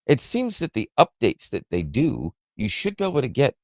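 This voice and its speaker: A man's voice: mid-range voice, huge pitch swings, moderate pace, a little mellow, dry recording, clean studio sound. A man co-hosting a casual tech podcast, explaining an app in a rambling, self-correcting way with frequent chuckles.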